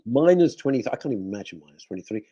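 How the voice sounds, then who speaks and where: A man's voice: medium pitch, lively intonation, racing, mellow, husky, lo-fi sound. A male radio host chatting casually in a studio, cracking jokes and reading out listener messages. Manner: jokey, rambling, talks to himself.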